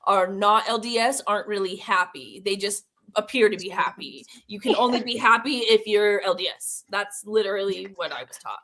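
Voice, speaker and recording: Bright, direct woman guest. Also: mid-range voice, moderate pace, hardly any pauses. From Utah. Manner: direct and agreeing, emphatic. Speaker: podcast guest. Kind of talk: casual livestream discussion.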